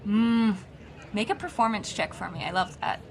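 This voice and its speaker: A woman's voice: medium pitch, animated, normal speed, background noise. Chatty woman running a tabletop game. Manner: chatty, many fillers and restarts. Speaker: game master.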